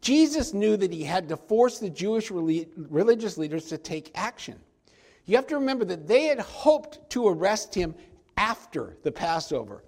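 A male pastor preaching a sermon, emphatic and slowing down to stress key points. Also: sits high, big pitch swings, vocal fry, a little mellow.

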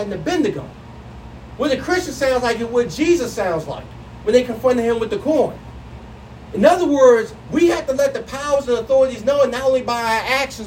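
Earnest high-voiced man preaching from afar. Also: darkish tone. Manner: earnest, emphatic, repeats key lines. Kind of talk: Bible lesson sermon. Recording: distant mic with faint background noise.

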